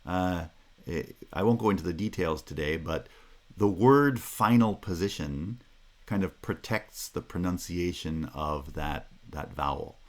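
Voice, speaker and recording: Very deep-voiced male linguistics lecturer. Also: a little slow. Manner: explanatory, frequent "right?" checks and restarts. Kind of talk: recorded phonology lecture.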